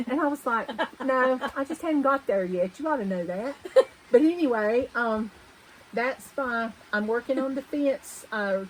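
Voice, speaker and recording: A woman with a drawl talks through her needlework projects in a relaxed, rambling show-and-tell. Her voice sits a little high, and she often stops to fix what she just said. Faint noise hums underneath. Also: rough recording. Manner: chatty, rambling, corrects herself mid-sentence. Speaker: cross-stitch vlogger host. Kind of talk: casual show-and-tell chat.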